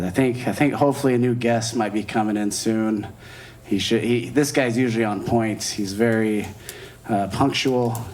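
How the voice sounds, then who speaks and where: A man hosting a comedy show, apologetic and excitable as he brings on the next act. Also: fairly low pitch. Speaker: host. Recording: noisy live room.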